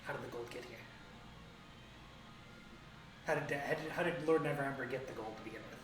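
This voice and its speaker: A man's voice: mid-range voice, brisk, distant mic, soft background music. Man as dungeon master, easy narration, roomy live-stream sound. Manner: reads descriptions, then loose and joking. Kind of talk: narrating a tabletop game. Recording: echoey room.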